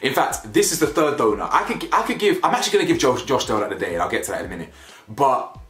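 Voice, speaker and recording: A young British man giving blunt, slangy commentary on a reality show, animated and laughing at his own jokes. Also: medium pitch, racing. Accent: British, with urban slang. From United Kingdom. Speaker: reality TV reviewer. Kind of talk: casual opinionated commentary. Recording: roomy echo, faint music behind.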